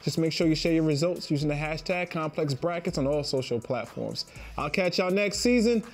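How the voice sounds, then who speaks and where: A man hosting a casual talk show, upbeat and quick to laugh. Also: a little high. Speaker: host. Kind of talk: casual podcast chat.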